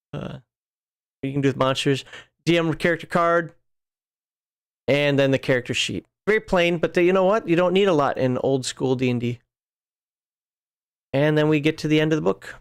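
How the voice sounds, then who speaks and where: A man's voice: on the high side, clean tone. A man hosting a show, reading rules aloud and wandering off into chatty asides. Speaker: podcast host. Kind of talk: casual rules walkthrough.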